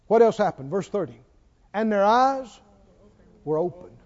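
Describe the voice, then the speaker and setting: High, lively-voiced man preaching slowly. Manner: emphatic, asks the audience rhetorical questions; stretches out key words for emphasis. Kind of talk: sermon. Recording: reverberant, dull lo-fi church recording.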